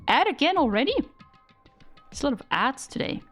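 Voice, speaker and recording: A woman's voice: sits high, very animated, measured pace, over loud music. A young woman streamer chatting casually with her audience, giggling and rambling in a self-deprecating way. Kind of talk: casual live-stream chat.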